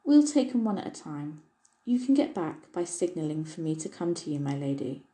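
A woman's voice: deep voice, big pitch swings, moderate pace, warm tone, poor audio. A woman voicing a small, kind, mischievous male elf with a droll, chuckling way of talking, reading a storybook. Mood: confiding.

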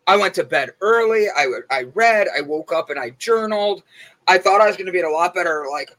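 Bright, chatty male show host. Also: sits high, lively intonation, a little fast, poor audio. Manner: chatty and rambling, with many fillers. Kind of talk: casual chat.

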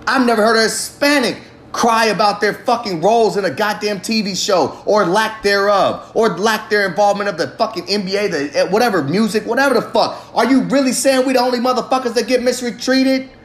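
A man's voice: sits high, fairly quick, hardly any pauses, fairly bright tone. A man delivering an impassioned, heavily profane monologue, ranting with emphatic force. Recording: roomy echo.

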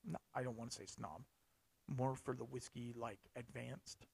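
A man's voice: mid-range voice, fairly even intonation, moderate pace, creaky, slightly rough. A man hosting a podcast, talking casually and rambling, with lots of fillers and restarts. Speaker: podcast host. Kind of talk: casual solo podcast talk.

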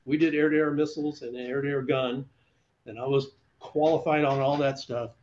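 A man's voice: medium pitch, normal speed, lo-fi sound. An older man, a retired fighter pilot, telling stories in an interview and acting out the voices of people he quotes. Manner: animated, acts out quoted voices in his stories. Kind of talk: storytelling in a conversational interview.

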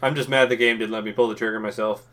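A man's voice: fairly low pitch, fairly even intonation, fast talker, fairly bright tone. A man co-hosting a casual gaming chat, cursing and joking while he acts out his reactions. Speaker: podcast co-host.

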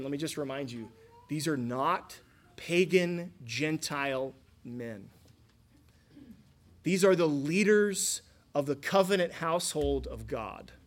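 A male pastor preaching a sermon in a conversational style, often restarting his sentences and asking the congregation questions. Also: on the high side.

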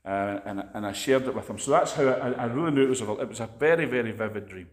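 A Scottish man preaches in a loose, chatty sermon, spinning stories as he goes. His voice sits at a middling pitch. The recording carries a noticeable roomy echo. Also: fast. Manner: chatty, anecdotal storytelling. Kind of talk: conversational sermon.

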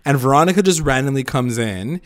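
A man's voice: mid-range voice, animated, brisk. A man hosting a podcast, recapping a show episode in casual, filler-heavy chat and laughing often.

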